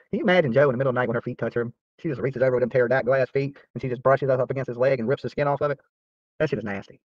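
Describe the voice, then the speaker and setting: A man's voice: mid-range voice, dry recording. A man hosting his channel, ranting casually to viewers in a boastful, profane, trash-talking way. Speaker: YouTube channel host. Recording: dry, slightly dull lo-fi sound.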